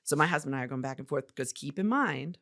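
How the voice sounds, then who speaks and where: A woman co-hosting a podcast, telling a story in an animated way, laughing often and acting out what people said. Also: extremely low pitch, quick pace, vocal fry. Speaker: podcast co-host and business owner.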